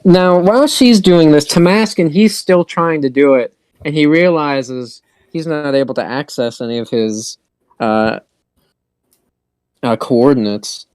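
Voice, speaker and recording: Slow, hesitant tabletop game master. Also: medium pitch, a little mellow, smooth, no echo. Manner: hesitant, laughing often.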